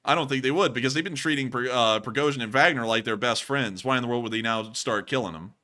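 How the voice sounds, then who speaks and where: A man hosting a casual livestream news commentary, emphatic and animated, laughing often. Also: mid-range voice, quick pace. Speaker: host.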